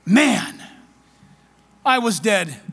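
A man preaching a sermon as pastor, fervent, loud and excited. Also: sits high, drawn-out words, big-room sound.

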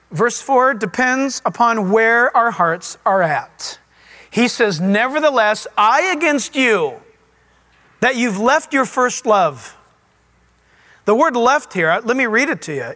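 A man's voice: extremely high pitch, slow. Guy pastor preaching casual, voice bouncing all over, keeps asking the crowd stuff. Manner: animated storytelling, asks the listeners questions. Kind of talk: conversational sermon.

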